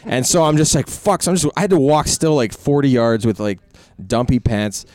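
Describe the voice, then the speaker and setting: A man tells a story at a quick clip, piling up fillers and swear words as he goes. His pitch sits in the ordinary middle range for a man. The talk is loose and unscripted. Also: lively intonation, a little mellow, dry recording. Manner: rambling, heavy on fillers and swearing. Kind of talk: casual storytelling chat.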